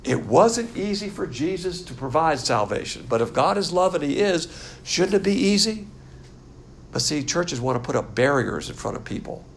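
Older male Bible teacher, gravelly voice, slightly higher than most men, blunt and contemptuous, with a faint hiss behind him. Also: normal speed. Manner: blunt, scornful, animated lecturing. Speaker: pastor teacher.

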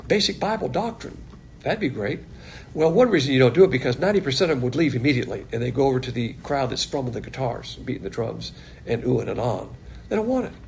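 A man's voice: fairly high pitch, vocal fry, darkish tone, slight background noise. A man teaching verse by verse from the Bible in a blunt, emphatic way, with mocking asides.

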